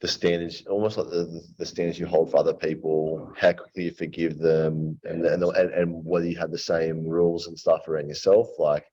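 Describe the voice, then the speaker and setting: Male host, deep husky voice, reflective and rambling, dull lo-fi recording. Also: little pitch movement, a little fast, hardly any pauses, warm tone. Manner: reflective, rambling, many restarts. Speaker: host of a men's roundtable. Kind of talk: casual roundtable chat.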